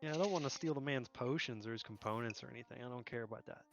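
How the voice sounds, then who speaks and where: Guy playing a tabletop game, bright tense voice, trips over his words, lo-fi mic. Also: medium pitch, rapid-fire, slight background noise. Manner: hesitant, full of restarts. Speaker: player. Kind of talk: casual tabletop play over voice chat.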